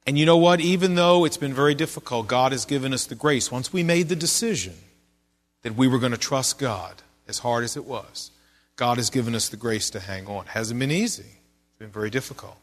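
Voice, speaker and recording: A male pastor delivers a church sermon in an earnest, conversational way at a fairly quick pace. At times he drops into soft, low passages.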